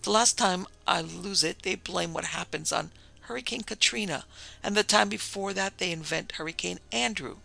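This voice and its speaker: A man's voice: high-pitched, moderate pace, vocal fry, sharp tone, heavily acted. A man voicing a menacing reptilian female creature with an icy, smug manner, read in a storybook. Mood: cold.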